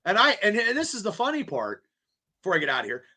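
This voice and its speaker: A man's voice: high-pitched, wildly swooping pitch, fast, bright, forceful tone. A man hosting a podcast in casual chat, rambling and stammering as he repeats words. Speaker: podcast host.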